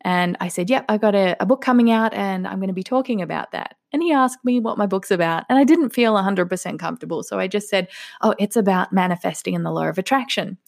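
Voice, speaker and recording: A woman's voice: mid-range voice, fast talker, gravelly, no echo, clean studio sound. A woman in her late thirties from Australia with an Australian accent, telling stories in a casual solo podcast and laughing often. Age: 30s. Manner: chatty, laughs often, acts out quoted voices. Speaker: podcast host.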